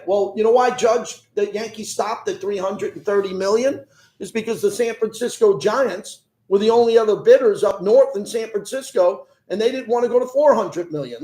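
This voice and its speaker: A man's voice: sits high, warm tone, roomy sound, low-quality recording. A man hosting sports talk radio, arguing with callers and firing off rhetorical questions. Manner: combative, fires rhetorical questions.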